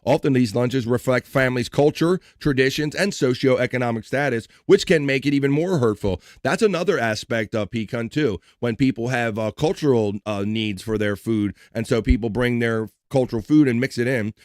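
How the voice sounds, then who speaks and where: A man's voice: mid-range voice, moderate pace, hardly any pauses, no echo, studio quality. A man hosting a casual live stream, loose and playful, breaking into silly voices and sung bits. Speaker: livestream host.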